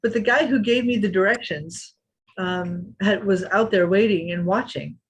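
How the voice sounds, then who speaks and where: Her mid-range voice is slightly rough and keeps a normal speed. Interviewed on a podcast, this woman in her fifties recounts an anecdote with spirit, voicing the quotes as she goes.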